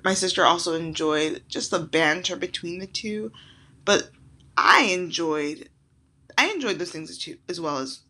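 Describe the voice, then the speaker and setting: A young woman talks casually on her podcast, telling stories with quick, playful impressions. Her voice sits on the low side for a woman. Her delivery is relaxed and conversational. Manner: animated storyteller who acts out quotes. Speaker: podcast host. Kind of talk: casual monologue.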